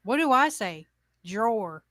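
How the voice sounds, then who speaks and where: A woman hosting a live talk stream, her voice pitched high and bright with a sharp edge. She swears freely and tells stories with incredulous, laughing disbelief. The sound is close and dry. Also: big pitch swings, measured pace, no room sound. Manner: profane, laughing, incredulous storytelling. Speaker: talk show host. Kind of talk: casual chat. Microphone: livestream studio mic.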